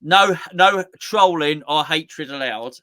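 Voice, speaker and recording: A man's voice: a little high, slow, bright, forceful tone. A man co-hosting a casual football chat, rambling and playful with lots of restarts. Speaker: co-host.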